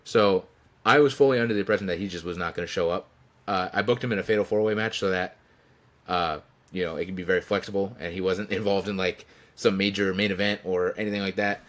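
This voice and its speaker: A man with a very low voice tells stories in a loose, rambling way, full of restarts and chuckles. He talks to a desk camera from his room. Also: steady tone, fast talker, a bit bright. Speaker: channel host telling stories. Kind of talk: casual storytelling tribute.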